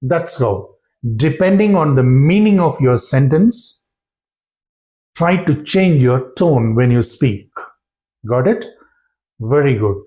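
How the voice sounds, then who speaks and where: Speaking deliberately in a dark-toned, mid-range voice with lively intonation, a man leads a spoken-English lesson. He frequently checks in with his students through brief questions and praise.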